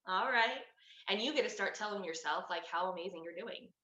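A woman's voice: medium pitch, brisk, sharp tone, roomy sound, rough recording. A woman in her thirties, a birth coach, talking as a podcast guest in a chatty way, laughing often and saying "like" a lot.

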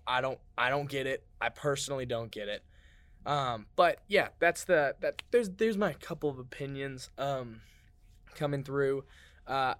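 A man's voice: medium pitch, dry recording. A young man hosting a casual sports podcast, rambling through his opinions with lots of fillers and restarts and getting worked up when he rants. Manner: gets worked up and loud when ranting. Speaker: podcast host.

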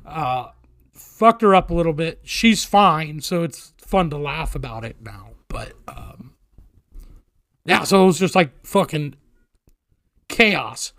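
Profane, animated man telling a story. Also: on the high side, slow, long pauses, dry recording. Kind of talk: casual storytelling.

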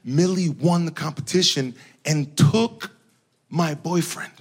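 A woman's voice: sits low, takes it slowly, darkish tone, slightly rough, exaggerated voice. A man voicing a chatty, whiny little first-grade girl who tattles about her classmates, told in a stand-up comedy bit.

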